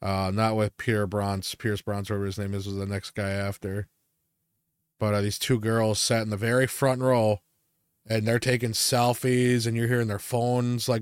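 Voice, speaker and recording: A man's voice: on the low side, clear, resonant tone, dry recording, studio quality. A young adult man in casual chat, telling rambling stories full of swearing and filler words. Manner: ranting storyteller, heavy swearing and fillers. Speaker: podcast co-host.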